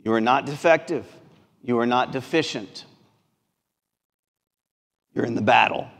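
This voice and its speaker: A man's voice: medium pitch, unhurried, a bit bright. A man with a Mississippi accent preaching a sermon as pastor, earnest and building through repeated phrases. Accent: Mississippi Southern. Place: church sanctuary. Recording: long church reverb.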